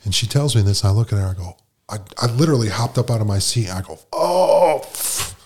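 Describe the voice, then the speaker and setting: A man's voice: lowish voice, rapid-fire, darkish tone, breathy edge. A man, a podcast guest, tells his story candidly in casual conversation and acts out the dialogue with animation.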